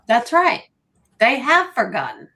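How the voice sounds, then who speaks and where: A woman's voice: fairly high pitch, very animated, measured pace, sharp tone. A middle-aged woman co-hosting a live sale, chatting casually in a plainspoken, emphatic way. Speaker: co-host of live vintage sale. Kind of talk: casual chat.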